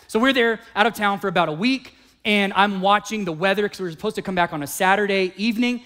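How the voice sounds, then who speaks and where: A male pastor with a rather high voice delivers a sermon, telling his story in an animated way. He acts out the other people's voices as he goes, and his pitch swings high when he gets excited.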